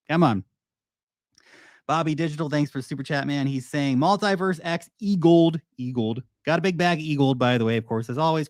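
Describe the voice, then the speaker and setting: An Australian man hosting a casual crypto market show, animated and joking, often mimicking investors. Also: medium pitch, no echo, clean studio sound. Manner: animated, joking, mocks investors in put-on voices. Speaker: crypto video host.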